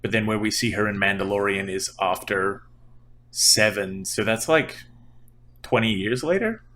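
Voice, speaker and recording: A man's voice: lowish voice, moderate pace, sharp tone. A man hosting a casual podcast, explaining things at length with a lot of fillers. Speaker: podcast host.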